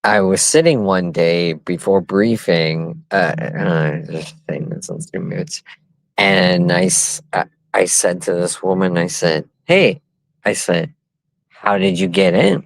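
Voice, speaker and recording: A man telling a story in casual talk, halting and restarting often. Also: low voice, fairly even intonation, creaky. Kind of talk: casual chat.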